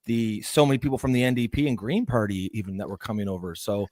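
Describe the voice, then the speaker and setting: A man's voice: fairly low pitch, steady tone, fast talker, darkish tone, dry recording. A man co-hosting a livestream, chatting casually and hesitantly with many fillers while reading out viewer comments. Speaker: livestream co-host. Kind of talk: casual political chat.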